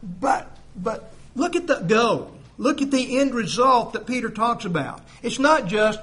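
A man preaching a sermon, emphatic, swinging between loud appeals and quiet asides, asking rhetorical questions. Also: very high voice, lively intonation, measured pace, breathy edge. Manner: emphatic, rising and dropping volume, rhetorical questions.

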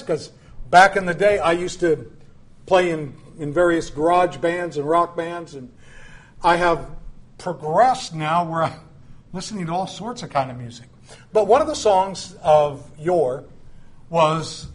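A middle-aged man delivers a sermon in an easygoing, chatty manner. He drifts into personal stories and side remarks to his listeners. His voice sits a little higher than most men's. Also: a little slow. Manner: conversational storytelling with asides. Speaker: preacher.

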